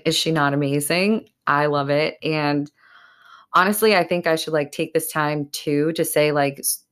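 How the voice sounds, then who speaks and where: A woman's voice: low voice, clear, resonant tone. A woman from Massachusetts hosting her own podcast, talking casually and emotionally, choked up and tearful, with many fillers and restarts. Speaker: podcast host. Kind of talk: casual solo podcast talk.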